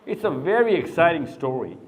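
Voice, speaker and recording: A middle-aged man with a somewhat raised pitch gives a live talk to youngsters. He quizzes them and urges them to take their time, then launches into a dramatic story. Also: sing-song, fairly quick. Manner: questioning, coaxing and storytelling. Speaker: speaker.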